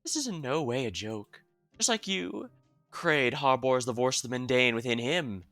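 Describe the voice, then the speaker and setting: A man voicing a haughty, composed noblewoman patron who speaks formally and with measured courtesy, reading a game's story aloud. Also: mid-range voice, expressive, fairly bright tone, no room sound, soft background music. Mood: scheming.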